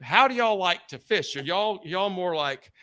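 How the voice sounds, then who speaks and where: A man putting on the voice of a friendly fishing guide who asks his clients what they want, relaxed and encouraging. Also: high-pitched, moderate pace, pitched above the performer's own voice.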